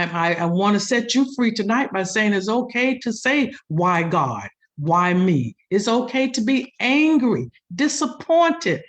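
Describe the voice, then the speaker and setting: A middle-aged woman hospital chaplain with an African American accent, speaking on a community panel and rising into an emphatic, preacher-like cadence. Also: on the low side. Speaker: hospital chaplain and pastoral educator.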